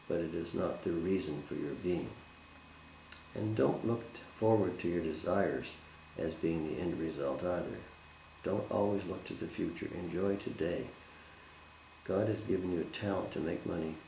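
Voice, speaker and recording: A man teaching a Bible study lesson in an earnest, measured way, quoting scripture as he goes. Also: low voice, vocal fry, dark tone, reverberant, a little hiss or hum, poor audio.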